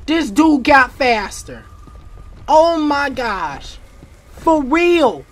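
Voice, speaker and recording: Panicky high-voiced horror gamer. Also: sing-song, drawn-out words, slight background noise. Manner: panicky, repeats short exclamations, bursts into shouting; casual slang-filled talk. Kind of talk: horror game let's-play commentary.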